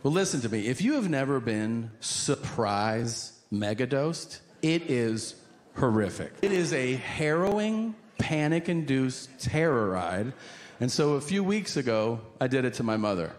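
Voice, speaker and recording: A man's voice: mid-range voice, big pitch swings, measured pace. A man performing stand-up comedy, telling stories in a dry, conversational way. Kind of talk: stand-up set. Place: comedy stage. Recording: hall reverb with audible ambience.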